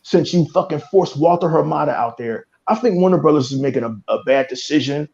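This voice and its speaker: High-voiced, fiery cursing man ranting. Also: expressive, fairly quick, vocal fry, a little mellow, muffled recording. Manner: fiery, cursing, repeats himself. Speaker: podcast host. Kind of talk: heated profane rant.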